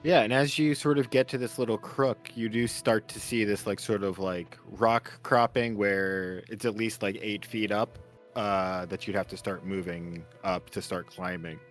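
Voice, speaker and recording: A man narrating a tabletop game as game master, relaxed and full of fillers. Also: lowish voice, moderate pace, soft background music.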